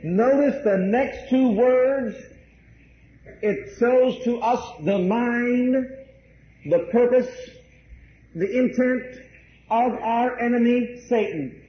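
A man's voice: extremely high pitch, slow pace, pauses often. A male pastor preaching a sermon, emphatic, repeating key phrases and addressing the congregation directly. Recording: roomy, dull, faint hiss.

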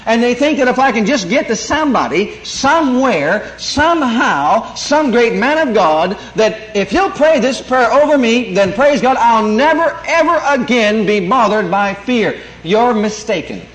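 A man's voice: very high voice, animated, a little slow, hardly any pauses, fairly bright tone. A man preaching a sermon, emphatic and calling out for amens as he teaches. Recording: echoey room, faint noise.

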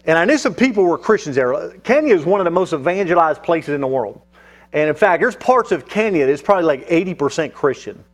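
A man's voice: fairly high pitch, animated, a little fast. A male pastor telling a mission story in a sermon, with fillers and restarts. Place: church.

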